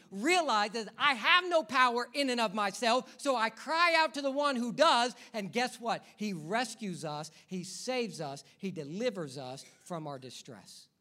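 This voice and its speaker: A man's voice: high-pitched, bright, forceful tone. A man preaching a sermon as pastor, building his points through rhythmic repetition and rhetorical questions to the congregation.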